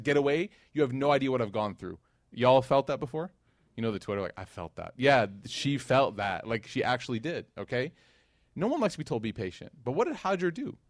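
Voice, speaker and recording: A man's voice: medium pitch, no room sound, clean studio sound. A man preaching a conversational sermon to a live audience. He tells stories with energy, quizzes the listeners and adds joking asides. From United States. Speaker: Islamic preacher.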